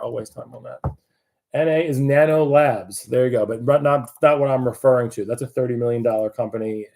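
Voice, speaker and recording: A man's voice: mid-range voice, vocal fry, a little mellow. A man giving casual live market commentary, chatty and loose, with many fillers and restarts.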